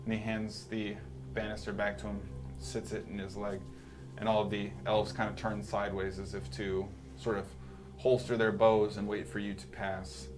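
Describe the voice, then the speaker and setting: A man running a tabletop game as dungeon master, narrating in a relaxed, somewhat hesitant way. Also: lowish voice, moderate pace, over music.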